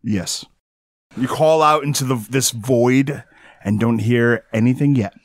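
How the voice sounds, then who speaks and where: A man narrating as game master of a tabletop horror game, slow and deliberate as he sets each scene. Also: medium pitch, dry recording, studio quality.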